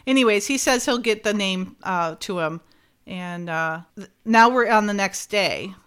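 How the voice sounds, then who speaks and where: A woman's voice: medium pitch, a little slow, a bit bright, clear, resonant tone. Chatty woman recapping a show. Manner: chatty, laughs often, acts out lines from scenes. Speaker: podcast host recapping a TV episode. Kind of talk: casual chat.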